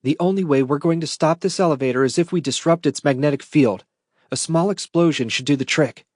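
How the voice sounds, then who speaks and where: A man's voice: a little high, fairly quick, no room sound, pitched above the performer's own voice, natural voice. A tense, urgent woman caught aboard a failing starship, as a male audiobook reader puts her on, her lines raised and clipped. The voice sits dry and close, with no room around it. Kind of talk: audiobook character voice.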